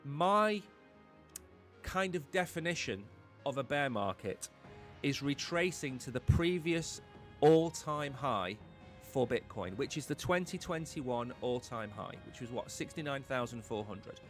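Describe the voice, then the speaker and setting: A man's voice: medium pitch, animated, measured pace, soft background music. A man hosting a live-stream crypto market show, talking in an emphatic, blunt, opinionated way.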